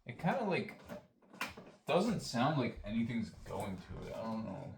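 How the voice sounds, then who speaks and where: Young man, low-pitched, rambling self-talk, echoey workshop with faint hum. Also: sing-song, unhurried, vocal fry. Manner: rambling, self-deprecating, mutters to himself. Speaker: vlogger. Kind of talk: casual self-talk while repairing. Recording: echoey room with faint noise.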